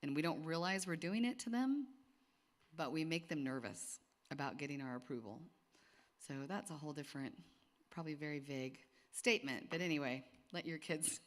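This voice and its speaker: A woman's voice: deep voice, brisk, fairly bright tone. A middle-aged woman talking casually to a group of women, chatty, with lots of restarts and asides. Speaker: speaker at a women's gathering. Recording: long hall reverb.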